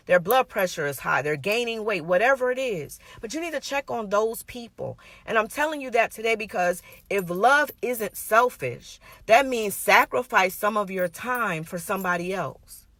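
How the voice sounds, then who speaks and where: A woman's voice: mid-range voice, animated, moderate pace, hardly any pauses, fairly bright tone, dry recording. A woman giving an earnest, conversational sermon, emphatic and personal, repeating her points. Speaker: minister.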